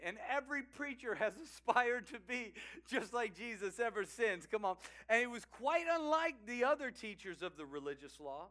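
Bright-voiced, animated male pastor. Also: very high voice, moderate pace, hardly any pauses. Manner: animated, laughing asides, emphatic. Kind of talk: sermon.

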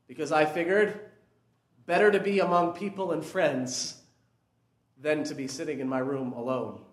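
A man's voice: high-pitched, a bit bright, echoey room. A young man preaching a conversational sermon that builds to emphatic peaks. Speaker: pastor.

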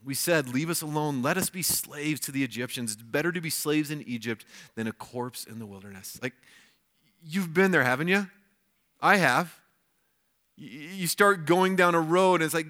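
A man pastor giving a weekend sermon, reading scripture aloud and explaining it in a conversational way with lively asides. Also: mid-range voice, moderate pace. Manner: conversational, with frequent restarts and acted asides.

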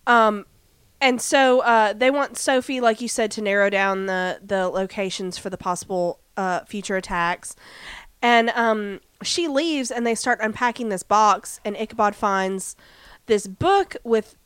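A chatty woman co-hosting a fan podcast, breezing through an episode recap and jumping into the characters' lines. Her voice is smooth and clean. The recording is dry, with no room sound. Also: mid-range voice, a little slow, a bit bright, dry recording. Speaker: podcast co-host. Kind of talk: casual fan podcast chat.

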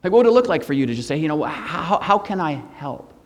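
A middle-aged man, a guest pastor, preaching a sermon with humor, moving between hushed and loud. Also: fairly high pitch, big pitch swings, fast, big-room sound. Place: church sanctuary.

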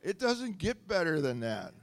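Lively storytelling male preacher. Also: on the high side, measured pace, creaky. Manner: animated, laughing, rising to loud exclamations. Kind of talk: sermon storytelling.

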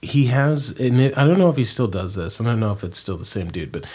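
A young man spins a long, wandering story in a relaxed chat, his voice at an ordinary middle pitch. He keeps breaking off and restarting his sentences and swears without a second thought. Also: fast talker, husky.

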